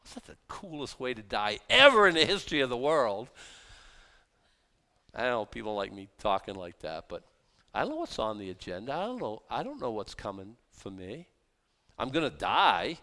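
A man preaching a sermon as pastor, animated, rising to emphatic bursts and dropping to quiet asides. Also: medium pitch, moderate pace.

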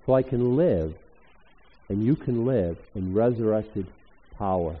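Older pastor preaching in echoey hall. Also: male voice, lowish voice, measured pace, breathy edge. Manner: animated, emphatic preaching with sudden loud rises. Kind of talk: sermon. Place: church hall. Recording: echoey hall, tinny phone-like sound.

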